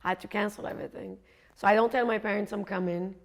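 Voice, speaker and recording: A woman's voice: medium pitch, steady tone, quick pace, vocal fry. A woman coach telling a personal story in a chatty way, laughing often and acting out what others said. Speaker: coach and speaker.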